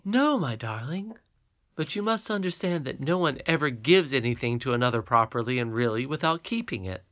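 A man voicing a wise, gentle, mysterious old grandmother queen in an audiobook, calm, measured and tender. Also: medium pitch, lo-fi sound, lightly acted. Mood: tender instructing. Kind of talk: audiobook character reading.

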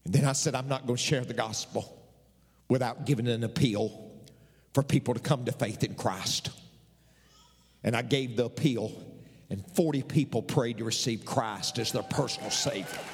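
A man's voice: mid-range voice, moderate pace, breathy edge. A man in his later years, a pastor preaching a sermon with dramatic emphasis and repeated phrases. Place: church sanctuary. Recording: large reverberant hall.

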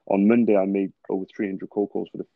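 A man's voice: sits low, flat delivery, fast, vocal fry, dry recording. A man hosting a podcast, talking in earnest, rambling stretches in casual interview chat. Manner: rambling, earnest, talks in long run-on stretches. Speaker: podcast host. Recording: tinny phone-like line.

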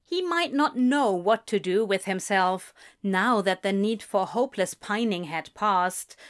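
A woman reading a story aloud, narrating in an unhurried, expressive way. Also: mid-range voice. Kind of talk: reading fan fiction aloud.

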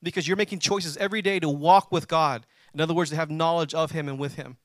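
A man's voice: a little high, fast, dry recording, clean studio sound. A man preaching a sermon, telling a personal story and calling on the congregation to answer back. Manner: animated, calls on the congregation to respond.

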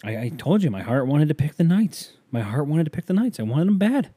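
Joking man with a mellow voice. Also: a little fast, breathy edge, dry recording, clean studio sound. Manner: loose, joking, animated with sudden pitch jumps. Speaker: podcast host. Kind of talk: casual solo podcast chat.

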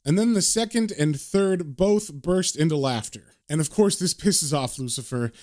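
A man retells a comic book in an easy, conversational way, dropping in offhand asides. His voice sits a little high for a man. The telling is relaxed, not performed. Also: normal speed. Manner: casual, conversational, hedging asides. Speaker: narrator.

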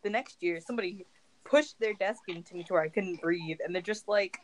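A woman's voice: mid-range voice, a little fast. Young woman telling a school story, laughs easy, lots of noise hissing under her. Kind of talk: casual chat. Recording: noisy background hiss.

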